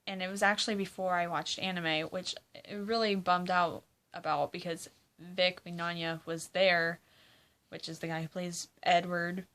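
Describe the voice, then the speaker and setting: This eighteen-year-old woman has a fairly low, slightly bright voice. In a casual vlog answering fan questions, she chats loosely, laughs frequently, swears, and leans heavily on "like."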